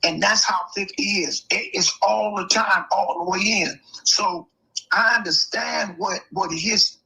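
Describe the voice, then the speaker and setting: Man with a bright, forceful voice. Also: sits high, fairly even intonation, unhurried, vocal fry, poor audio. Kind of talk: casual chat.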